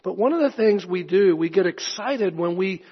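Male pastor, fairly high husky voice, relaxed sermon delivery with chuckling asides, echoey church hall, dull recording. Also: moderate pace. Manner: conversational, anecdotal, chuckling asides.

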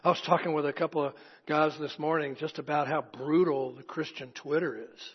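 A man preaches earnestly, mixing folksy asides with rhetorical questions. His voice is a touch husky and sits fairly high for a man. The sermon rings through a long echoey hall on a dull, lo-fi recording. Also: fairly even intonation, brisk. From East Tennessee. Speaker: pastor.

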